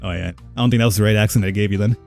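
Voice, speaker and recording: A man's voice: fairly low pitch, fairly even intonation, rapid-fire, vocal fry, darkish tone, soft background music. Joking man reading a visual novel. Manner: joking, self-mocking asides. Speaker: gaming streamer.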